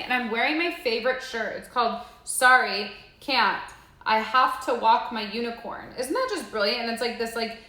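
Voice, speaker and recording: A woman's voice: mid-range voice, pushed and bright. A woman hosting a casual livestream, chatting in a bubbly, gushing way with lots of "like". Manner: bubbly and gushing, heavy use of "like". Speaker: livestream host. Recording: echoey room.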